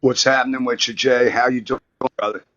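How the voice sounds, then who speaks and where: A man calling into a live stream, speaking loudly in a drawn-out way. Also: mid-range voice, flat delivery, lo-fi sound. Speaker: caller. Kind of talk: casual call-in chat.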